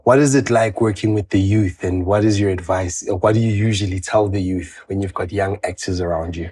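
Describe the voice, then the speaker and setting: A man interviewing a guest, enthusiastic and quick to affirm her answers. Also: low-pitched, darkish tone, breathy edge. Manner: enthusiastic, frequent short affirmations. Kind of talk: interview questions and ad read.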